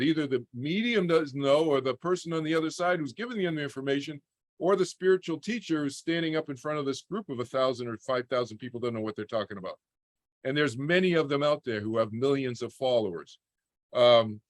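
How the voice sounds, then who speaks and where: A man's voice: on the high side, fairly bright tone, no room sound, studio quality. A man giving an informal talk over a video call as a spiritual teacher, speaking conversationally and often checking in with his listeners. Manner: conversational, keeps checking in with "okay?". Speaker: spiritual teacher speaking to a parent support group.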